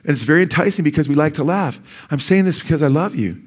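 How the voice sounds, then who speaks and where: A man's voice: a little high, animated, quick pace, darkish tone, breathy edge. A man preaching a sermon as pastor, earnest and urgent, with sudden emphatic rises in his voice. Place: church sanctuary.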